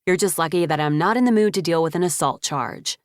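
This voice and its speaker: Woman reading hot-tempered young woman, snappy and blunt, lowish voice. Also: fast talker, dry recording, studio quality, lightly acted. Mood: angry. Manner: sharp, snapping.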